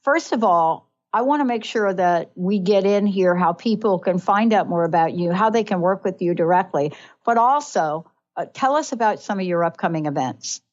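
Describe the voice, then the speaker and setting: A woman hosts a talk radio show in a reflective, conversational way, often checking in with her guest. Her voice sits at a middle pitch. The recording is a bit dull and lo-fi. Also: lively intonation, moderate pace. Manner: reflective, keeps asking "right?". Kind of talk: casual radio chat. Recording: slightly dull lo-fi sound.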